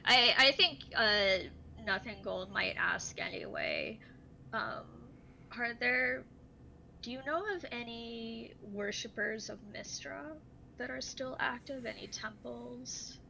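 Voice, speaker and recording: A woman's voice: fairly high pitch, takes it slowly, gravelly, pushed and bright, slight background noise, low-quality recording. A woman playing a tabletop role-playing game, asking questions in a playful, inquisitive way. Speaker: player. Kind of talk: tabletop role-play chat.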